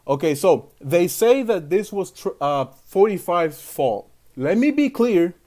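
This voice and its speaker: Male livestream host, slightly high pitch, emphatic rambling political rant. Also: big pitch swings, measured pace, dark tone. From Venezuela. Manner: emphatic, rambling, heavy on fillers. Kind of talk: ranting livestream commentary.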